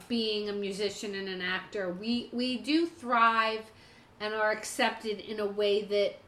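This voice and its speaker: A woman co-hosting a casual chat, emotional and talking fast in bursts. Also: mid-range voice, fairly bright tone. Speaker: podcast co-host. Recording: echoey room.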